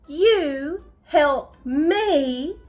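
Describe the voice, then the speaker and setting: A woman's voice: very high-pitched, lively intonation, takes it slowly, faint music behind, full character voice. An older woman voicing a mighty, grumpy male lion who roars and boasts in a bedtime story. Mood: scornful. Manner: roaring, boastful, scornful.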